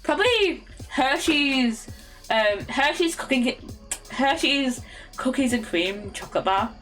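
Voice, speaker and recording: A young British woman with a slightly high, somewhat bright voice streams a game and chats casually, rambling, often stumbling over words and giggling. Faint lofi music plays in the background.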